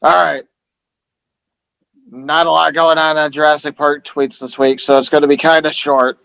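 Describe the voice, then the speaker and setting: A man's voice: fairly high pitch, flat delivery, moderate pace, vocal fry, fairly bright tone, clear, resonant tone, poor audio. A man co-hosting a comedy podcast, reading joke tweets and telling crude jokes with plenty of swearing. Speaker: podcast co-host.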